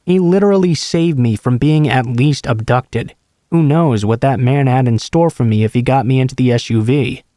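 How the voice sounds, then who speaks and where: A man narrating a true horror story in the first person, in a measured, earnest read. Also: mid-range voice, warm tone, dry recording.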